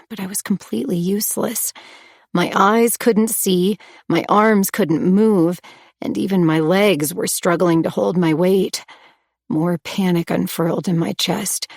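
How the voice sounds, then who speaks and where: Woman reading a scary first-person story, lowish voice, dry close sound, emotional. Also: darkish tone, no room sound. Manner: emotional, tense dramatic reading. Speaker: audiobook narrator. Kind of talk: first-person audiobook narration.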